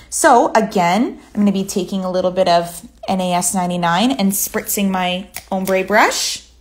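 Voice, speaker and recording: A woman giving a relaxed, chatty step-by-step nail art tutorial. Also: mid-range voice. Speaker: nail artist.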